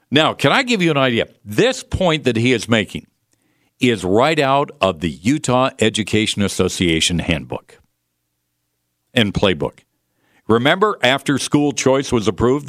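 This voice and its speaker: A man hosts a political talk radio show, giving a combative, sarcastic monologue full of mocking asides. His mid-range voice swings widely in pitch at a moderate pace with a fairly bright tone, captured in a dry, studio-quality recording.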